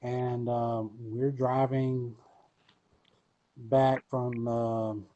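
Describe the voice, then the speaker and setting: A man's voice: mid-range voice, little pitch movement, extremely slow, mellow, muffled recording. A man being interviewed, telling a long story casually with many fillers and restarts. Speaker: wrestler guest.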